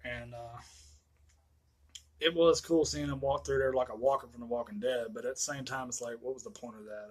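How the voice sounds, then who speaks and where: A man giving a casual, profanity-filled movie review rant, excitable and quick to laugh. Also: medium pitch, poor audio. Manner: excitable, swears constantly, laughs often.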